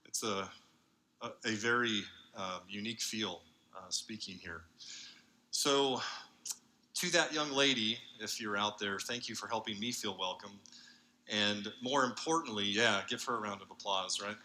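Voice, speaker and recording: A man giving an earnest conference talk as a university researcher, speaking haltingly with many fillers. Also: lowish voice, bright, forceful tone, a little hiss or hum, poor audio. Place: large convention hall.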